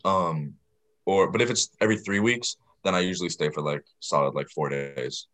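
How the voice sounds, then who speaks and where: Low-voiced young man chatting. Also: moderate pace. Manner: relaxed, rambling with fillers. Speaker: guest. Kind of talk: casual chat.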